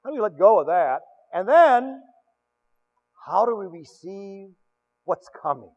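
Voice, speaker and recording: A man's voice: high-pitched, unhurried. An older man preaching a sermon as pastor, telling stories with many restarts and repeated words. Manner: animated storytelling with many restarts. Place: large church. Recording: echoey church, dull lo-fi.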